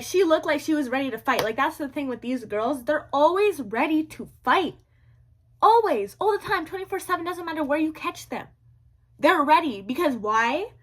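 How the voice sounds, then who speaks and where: A young woman with a high voice tells her viewers a story in a casual vlog, animated and slangy, repeating lines for drama.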